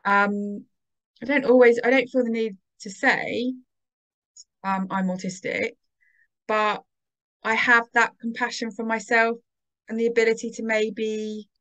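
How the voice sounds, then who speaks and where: A woman speaks as a guest on a podcast in a casual, lively way. She quickly acts out the conversations she has with herself. Her voice sits a little high. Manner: quick and animated, acts out her inner dialogue.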